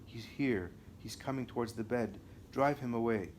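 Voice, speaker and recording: A man's voice: mid-range voice, moderate pace, darkish tone, a little hiss or hum, lightly acted. A man reading the lines of the narrator's wife, a strong-willed woman who turns terrified.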